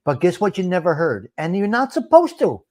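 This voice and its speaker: A man's voice: high voice, sing-song, a little fast, a little mellow. A male podcast host talking about working life from experience, repeating short emphatic phrases. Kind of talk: casual talk show chat.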